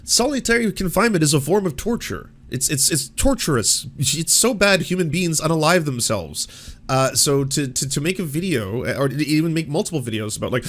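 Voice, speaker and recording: A man's voice: on the high side, expressive, brisk, a bit bright. A man hosting a commentary show, ranting with profane language and stammering restarts. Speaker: commentary host.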